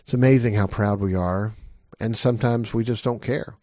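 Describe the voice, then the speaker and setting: Middle-aged male pastor, low-pitched, dry close sound, emphatic sermon delivery. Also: normal speed, a little mellow, dry recording. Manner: earnest, emphatic preaching with repeated rhetorical questions.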